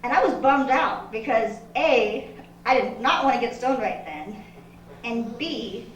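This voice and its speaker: Woman stand-up comic, high voice, deadpan one-liners, echoey room, far from the mic, audience laughing. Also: a little slow, slight background noise. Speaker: stand-up comedian. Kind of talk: stand-up comedy set. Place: comedy club stage.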